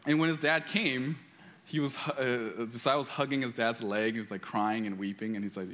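Brisk and fairly bright, the mid-range voice belongs to a man preaching a sermon. As a pastor, he reads scripture aloud and tells stories full of repeated restarts.

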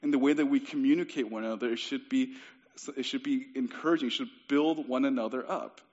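A man's voice: mid-range voice, a little fast, a little mellow. A young man preaching a sermon as pastor, in a casual, conversational way with frequent restarts. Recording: dull lo-fi recording.

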